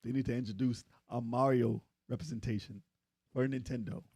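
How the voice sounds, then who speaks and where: A man's voice: mid-range voice, fairly even intonation, fairly quick, warm tone, husky, no room sound. A man co-hosting a video game podcast, explaining news in casual, rambling chat. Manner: rambling, restarts and fillers while explaining. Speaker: podcast co-host.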